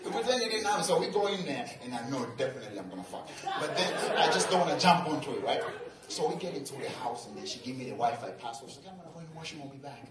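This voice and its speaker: A young man from Tanzania doing stand-up, telling a story in an animated way, acting out quotes and often laughing as he talks. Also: medium pitch, quick pace. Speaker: stand-up comedian. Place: large venue with live audience. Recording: echoey live venue, distant mic, loud crowd and noise.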